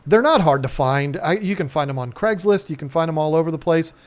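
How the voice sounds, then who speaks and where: A man's voice: on the high side, lively intonation, fairly quick. A man hosting a casual live stream, rambling in a folksy way with plenty of ums. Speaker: aquarium channel host.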